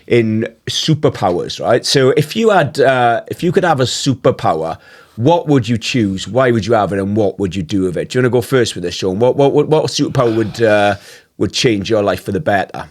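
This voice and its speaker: A man's voice: fairly low pitch, animated, brisk. A man hosting a podcast in casual chat, laughing and swearing, easily amused. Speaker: podcast host.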